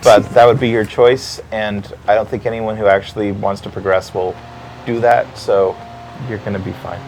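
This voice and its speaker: A man's voice: fairly low pitch, fairly even intonation, moderate pace, a little mellow, a little hiss or hum. A man co-hosting a live game stream, reading viewer comments and explaining the game in an easygoing way. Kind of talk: casual stream chat.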